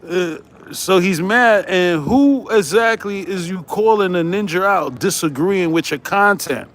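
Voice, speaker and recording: High-voiced man ranting on his channel. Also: unhurried, a bit bright, slight background noise. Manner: profane, combative, repeats "right?"; laughs often while ranting. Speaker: YouTube host. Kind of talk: heated vlog rant.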